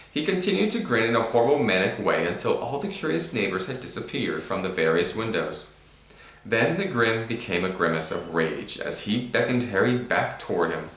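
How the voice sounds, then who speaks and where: A man reading a storybook aloud to a child, with animated emphasis. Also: on the low side, normal speed. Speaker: reader to a child. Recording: roomy echo.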